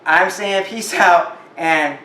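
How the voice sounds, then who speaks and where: Talking to camera about his records, this vinyl collector vlogger has a high-pitched, pushed, bright voice and takes things slowly. His storytelling is chatty and casual, with plenty of restarts. There's a roomy echo, he's slightly off-mic, and faint room noise sits underneath.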